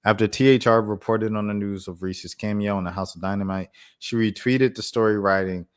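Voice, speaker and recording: A laid-back man with a low voice, musing aloud on a stream. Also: steady tone, fairly quick, hardly any pauses, smooth. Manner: loose, slangy, thinking aloud while reacting to news. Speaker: streamer host. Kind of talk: casual live-stream commentary.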